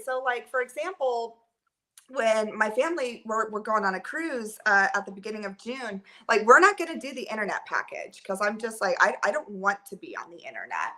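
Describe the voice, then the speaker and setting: Woman, casual livestream chat, rambling, lots of fillers, bright ringing voice, camera on a holder at home. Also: a little high, big pitch swings, fairly quick. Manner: chatty, rambling, filler words. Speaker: livestream host. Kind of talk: casual chat with live viewers.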